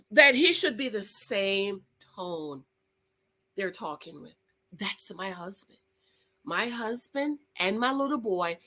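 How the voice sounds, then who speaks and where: A woman's voice: medium pitch, sharp tone, low-quality recording. A middle-aged woman, chatting casually as a show recap host, emphatic and preachy, talking straight to her viewers. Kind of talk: casual chat.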